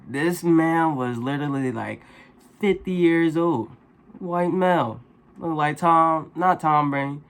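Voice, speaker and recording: A man vlogger telling a casual story in an animated, exasperated, slangy way. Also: medium pitch, gravelly.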